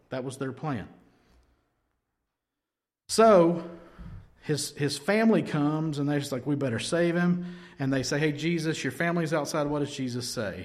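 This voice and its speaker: A man preaching a sermon, retelling scripture with lively storytelling and acted-out quotes. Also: on the high side. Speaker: pastor.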